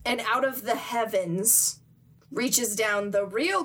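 A woman's voice: a little high, slow, a bit bright. A woman in casual chat, animatedly retelling a story and acting out the characters' lines. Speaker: podcast co-host recapping a comic.

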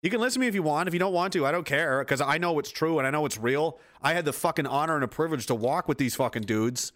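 A man's voice: a little high, animated, fast talker, fairly bright tone. A man delivering a fierce, profane motivational rant, swearing freely and hammering his points with repetition.

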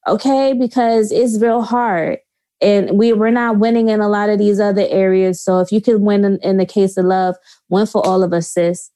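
A woman, co-hosting a casual chat, slow and emphatic and quick to laugh. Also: medium pitch, fairly even intonation, mellow.

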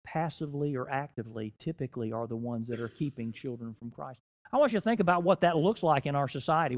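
A middle-aged man preaching a sermon in a church, rising and dropping in loudness and slowing down to stress key phrases. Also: a little high. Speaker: guest preacher.

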